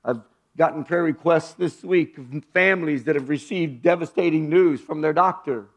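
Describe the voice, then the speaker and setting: A man preaching a sermon as pastor, moving from low hushed phrases to loud high exclamations. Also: normal speed.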